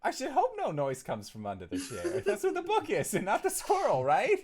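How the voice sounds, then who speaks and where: A woman's voice: high-pitched, wildly swooping pitch, fairly quick, background noise. A woman playing a tabletop game, casual and profane and often laughing, over a video call. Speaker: player.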